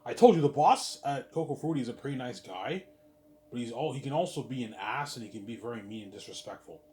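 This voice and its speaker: A man's voice: medium pitch, expressive, fast talker, mellow. A tired man telling a rambling, repetitive story to his viewers, swearing and stumbling over his words. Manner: rambling, repeats himself, swears, talks to himself. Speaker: vlogger. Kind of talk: casual storytelling monologue.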